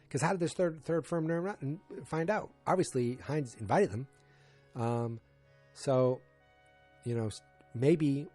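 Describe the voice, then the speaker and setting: In a dark, mid-range voice, a man in his forties hosts a casual solo podcast recap. His talk wanders, packed with fillers and false starts, with exasperated remarks tossed in along the way.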